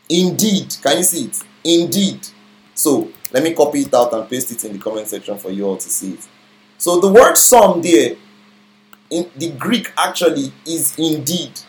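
Guy preaching a bible lesson, high voice, big echoey room, keeps repeating himself to explain. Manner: explanatory, repeats phrases, reads verses slowly. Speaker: pastor. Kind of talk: sermon teaching.

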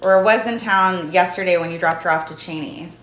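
A woman hosting a casual podcast, venting with lots of swearing in animated storytelling. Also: lowish voice, a little fast. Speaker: podcast host. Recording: echoey room.

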